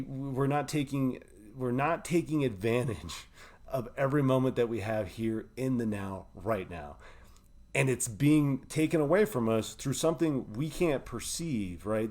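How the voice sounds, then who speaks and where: A man's voice: medium pitch, darkish tone. A man hosting his own live online show, giving a preachy, emotional monologue full of swearing and repeated "right?". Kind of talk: impassioned live-stream monologue.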